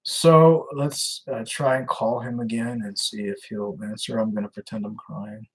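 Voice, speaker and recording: A man's voice: fairly low pitch, steady tone, moderate pace, breathy edge, poor audio. A man hosting a casual live stream, reading messages aloud, chuckling and answering viewers as he goes. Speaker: livestream host baiting scammers.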